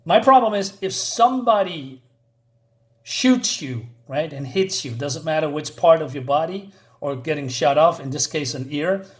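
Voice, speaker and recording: Brief: male comic reviewer, casual and rambling, voice a little high. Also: animated, normal speed. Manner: chatty, many fillers and asides.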